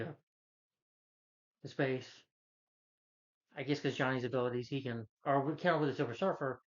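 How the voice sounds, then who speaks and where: A man reviewing a film in a casual, rambling plot recap, stringing events together with lots of "like" and "you know.". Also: mid-range voice. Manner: rambling, loose retelling full of "like" and "you know". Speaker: movie reviewer. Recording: muffled lo-fi audio.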